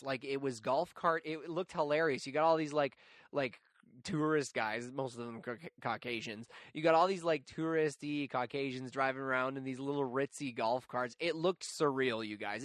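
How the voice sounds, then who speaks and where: A young man hosting a podcast and telling a story. He talks in a chatty, animated way and pokes fun at himself. His voice sits at a middle pitch, and the recording is dry and close. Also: no echo. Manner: animated, chatty, self-mocking, with many fillers. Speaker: podcast host. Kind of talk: casual storytelling.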